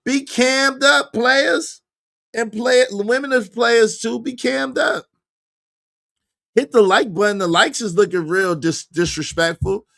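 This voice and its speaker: Male stream host, high gravelly voice, hoarse today, loose and joking. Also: takes it slowly. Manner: animated, joking, shifts between low mumbles and loud bursts. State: losing his voice. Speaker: livestream host. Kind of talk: casual livestream chat.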